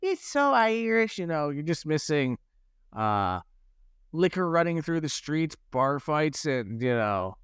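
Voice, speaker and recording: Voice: mid-range voice, sing-song, slow pace, a bit bright, smooth, no echo, studio quality. A podcast co-host joking and mocking a holiday movie in casual chat, laughing often.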